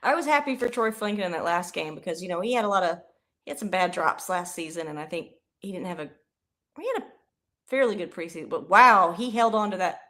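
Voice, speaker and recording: A young woman doing casual live play-by-play of a football game, chatty and rambling, bursting into excited yelling. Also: on the low side, fast. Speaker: livestream host.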